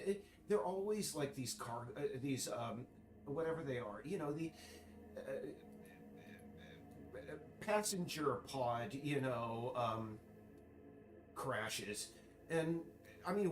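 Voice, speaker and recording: A man's voice: mid-range voice, animated, faint music behind. Rambling man chatting on stream. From United States. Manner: rambling, halting, full of restarts. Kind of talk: casual chat while working on stream.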